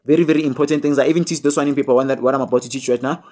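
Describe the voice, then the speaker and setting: A man's voice: medium pitch, steady tone, rapid-fire, a little mellow. Chatty young South African man tutoring. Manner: chatty, scolding and joking, with many fillers and tag questions. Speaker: online tutor. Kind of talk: casual video tutorial.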